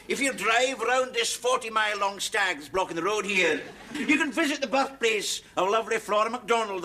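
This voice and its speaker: An actor with a Scottish accent playing a boastful tourism presenter who delivers pun-filled patter in a hearty, declamatory way. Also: male voice, high-pitched. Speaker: comedy sketch actor. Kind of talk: scripted comic monologue. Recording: hissy TV recording, audience laughter.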